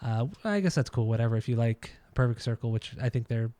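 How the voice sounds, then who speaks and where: A man's voice: medium pitch, expressive, quick pace, dark tone, no echo. Opinionated, swearing man co-hosting a podcast. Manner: opinionated, swears freely, argumentative. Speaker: podcast co-host. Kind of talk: casual chat about music and records.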